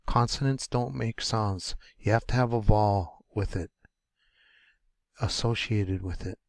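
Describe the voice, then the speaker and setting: A man teaching pronunciation, sounding out words slowly and repeating each syllable. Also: on the low side, dry recording, studio quality. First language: English. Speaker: language teacher. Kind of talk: pronunciation lesson.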